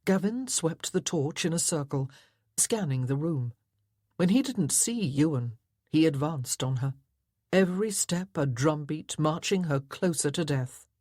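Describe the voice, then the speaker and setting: A woman tells a historical romance story as scripted audiobook narration, keeping it dramatic and tense. Her low, mellow voice is animated yet measured in pace, and the studio recording is clean with no room sound.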